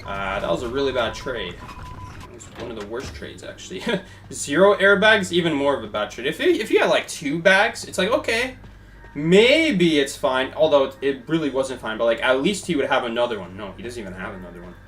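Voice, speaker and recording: A man's voice: mid-range voice, very animated, a little fast, a bit bright. A young man giving chatty, casual commentary while live-streaming a game and thanking his viewers.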